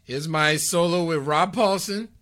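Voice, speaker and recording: His pitch is fairly high and he takes his time. Chatting casually as a podcast guest, he recounts a convention with animated storytelling, frequent laughter, and acted-out quotes.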